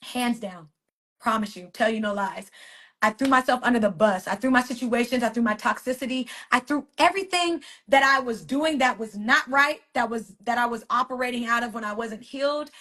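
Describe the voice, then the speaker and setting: A woman hosts a casual motivational live stream from her phone in a brisk, slightly bright voice on the high side. The author and wellness coach holds it weekly, talking emphatically, repeating phrases and engaging viewers in chat.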